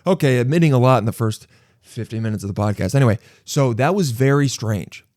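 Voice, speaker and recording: A young man rambles through a solo podcast in a dry, close recording with no room sound. His pitch sits in the middle for a man. He mocks himself and slips into voices for imagined conversations. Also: animated, fairly quick, a little mellow, no room sound. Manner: rambling, self-mocking, acts out imagined dialogue. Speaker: podcast host.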